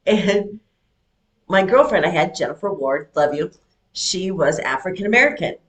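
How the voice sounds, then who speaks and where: A middle-aged woman hosting a casual podcast chat, telling stories in an animated way. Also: lowish voice, moderate pace, reverberant. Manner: lively, animated storyteller. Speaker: podcast host.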